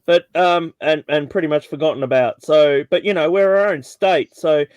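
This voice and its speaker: A man's voice: fairly high pitch, normal speed, darkish tone, no echo. A man from Tasmania with an Australian accent, chatting casually on a video call as panel host, rambling with lots of fillers.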